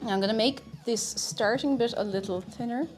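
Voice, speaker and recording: A woman's voice: fairly high pitch, a little fast, faint music behind. A woman streaming as she bakes, chatting casually and mocking herself with giggles and flustered apologies from her home kitchen. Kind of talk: casual live-stream chat while baking.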